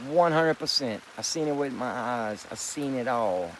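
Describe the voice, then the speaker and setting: A man's voice: mid-range voice, lively intonation, moderate pace, slight background noise, rough recording. A man vlogging in a rambling, profane, emphatic monologue, calling listeners partner and boy. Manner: folksy address with "partner" and "boy".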